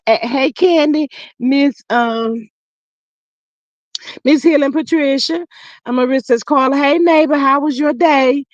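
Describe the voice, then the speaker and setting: High-voiced woman livestream host. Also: no room sound, dull audio. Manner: drawling Southern slang, says child a lot, reads comments aloud; swings between loud calls and low murmurs. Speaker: livestream host reading chat. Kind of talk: casual gossip livestream chat.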